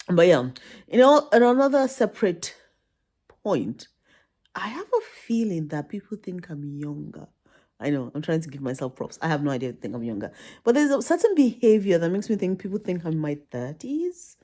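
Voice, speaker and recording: A woman's voice: lowish voice, very animated, moderate pace, dark tone. Tired, rambling woman vlogger. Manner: rambling, laughing and self-deprecating. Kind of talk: casual chat to camera.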